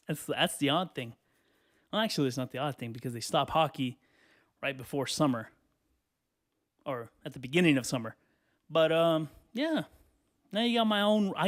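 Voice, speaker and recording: A man hosting a solo podcast from a hot bedroom, rambling casually with lots of swearing and filler, a little out of breath and clearing his throat. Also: fairly high pitch. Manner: rambling, profane, lots of "you know". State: out of breath and sweaty, standing. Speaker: podcast host.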